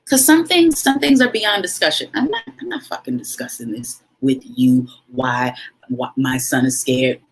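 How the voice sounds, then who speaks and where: A woman's voice: extremely low pitch, expressive, normal speed, slightly rough, low-quality recording. A woman hosting her own vlog, telling a story in an emphatic, dramatic way and acting out what people said. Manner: dramatic, emphatic, acts out quotes. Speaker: vlog host.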